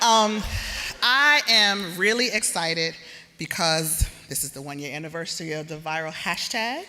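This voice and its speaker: Woman speaking at a gala, bright voice, laughing and hyping up the crowd, echoey hall. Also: fairly low pitch, moderate pace. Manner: lively, laughing, coaxing the crowd. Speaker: award presenter and gala speaker. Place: large event hall with a crowd.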